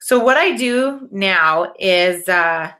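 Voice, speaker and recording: A woman's voice: medium pitch, animated, slow, bright, forceful tone. A woman life coach giving a live webinar talk, blunt and casual, swearing freely as she coaches.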